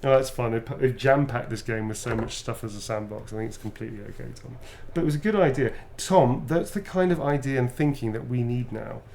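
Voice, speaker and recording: A man's voice: medium pitch, fairly quick, creaky, few pauses. Teasing, swearing male gamer chatting. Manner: animated, swears freely, teasing. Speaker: co-host and game player. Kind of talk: casual chat while signing notes.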